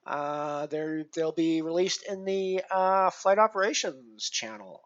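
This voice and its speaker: A man's voice: fairly high pitch, animated, slow, dull audio. A man hosting a poker live stream in casual chat, rambling with many fillers and restarts and poking fun at himself. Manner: self-deprecating.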